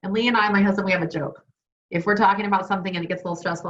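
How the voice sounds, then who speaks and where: A woman's voice: mid-range voice, fairly even intonation, racing, a bit bright. A woman co-hosting an online wellness webinar, chatty and enthusiastic, sharing personal stories as she teaches. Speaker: wellness program co-host. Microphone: video call. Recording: dull lo-fi video call audio.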